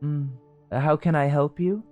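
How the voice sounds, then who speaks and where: Guy playing a chained goddess lady, calm and measured, soft music behind. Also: on the high side, highs cut off, pitched above the performer's own voice, close to an everyday voice. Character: calm shackled female goddess.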